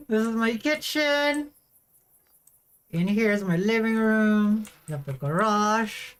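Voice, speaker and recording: A woman's voice: a little high, expressive, slow, pauses often, clear, resonant tone. A woman streaming a video game, chatting casually to her viewers with offhand swearing. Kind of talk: casual gameplay commentary.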